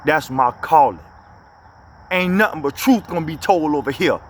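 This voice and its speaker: A man preaches into his phone from inside a vehicle. He speaks in a with a high-pitched voice. He fires off blunt, scolding rhetorical questions. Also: animated, normal speed, slight background noise. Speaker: inspirational speaker. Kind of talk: motivational preaching monologue.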